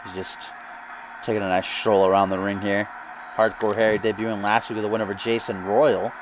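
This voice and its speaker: Low-voiced joking male commentator. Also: level tone, fairly quick, noisy background. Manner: joking, profane, laughs often. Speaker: host and commentator. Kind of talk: casual let's-play wrestling commentary.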